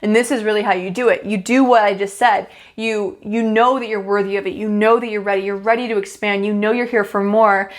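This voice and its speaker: A woman's voice: mid-range voice, fairly even intonation, a little fast, few pauses. A woman teaching spiritual manifestation in a casual, chatty, upbeat way while she explains a drawing.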